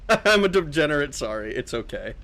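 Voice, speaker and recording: A man's voice: a little high, very animated, moderate pace, sharp tone. A young man casually commentating a game stream, joking crudely and laughing often.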